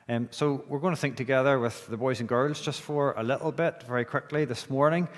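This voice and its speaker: A man's voice: medium pitch, fairly even intonation, a little fast, few pauses. A man with a Northern Irish accent leading prayer and talking to children in a church service. He often restarts phrases by repeating their opening words. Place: church sanctuary. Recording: long church reverb.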